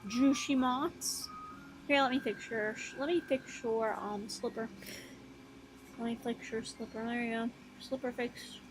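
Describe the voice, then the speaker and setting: A young woman streaming while she draws, rambling softly and casually, swearing now and then and talking to her drawn characters. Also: slight background noise, low-quality recording. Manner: soft, low-key, mumbling, with casual swearing.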